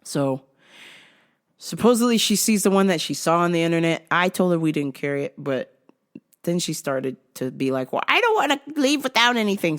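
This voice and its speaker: A woman vlogger telling a work story in a casual, profane, sarcastic way. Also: low voice.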